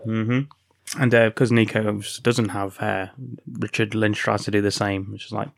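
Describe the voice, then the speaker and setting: A man's voice: on the low side, level tone, measured pace, vocal fry, no echo. A man co-hosting a podcast, recapping a film's plot with dry, wry remarks. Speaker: podcast co-host. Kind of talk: casual film-review chat.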